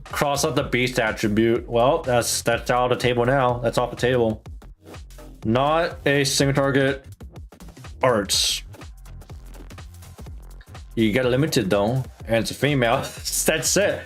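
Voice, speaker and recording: A man's voice: medium pitch, unhurried, long pauses, soft background music. A man streaming a game, thinking aloud in casual, slangy chat with plenty of swearing. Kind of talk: casual gameplay commentary.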